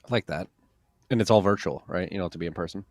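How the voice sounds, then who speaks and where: Laid-back deep-voiced male podcast host. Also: fast talker, no room sound. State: a little tired after a workout. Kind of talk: casual chat.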